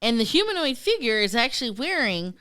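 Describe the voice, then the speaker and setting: A woman's voice: fairly high pitch, brisk, clear, resonant tone. A woman co-hosting a podcast, telling a story in casual, profane chat and acting out the voices in it. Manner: animated, profane, acts out quoted voices. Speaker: podcast co-host.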